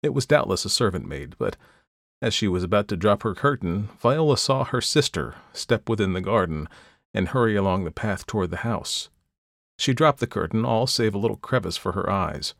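A man narrating a classic story in a measured, even storytelling manner. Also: lowish voice, gravelly, no room sound, studio quality. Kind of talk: audiobook reading of classic fiction.

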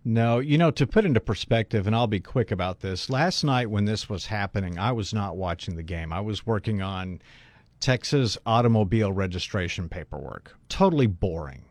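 A man co-hosting a radio talk show, telling a story in an animated way. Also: fairly low pitch, moderate pace, no room sound. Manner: animated storyteller, voices the people in his story. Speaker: radio co-host. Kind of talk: casual radio chat, storytelling.

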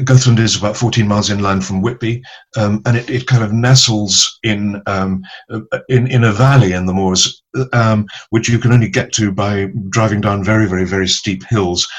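An older man, an actor, telling anecdotes in a relaxed interview with many pauses and restarts. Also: fairly low pitch, husky, rough recording. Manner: storytelling, halting with many ums and restarts. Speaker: actor, guest.

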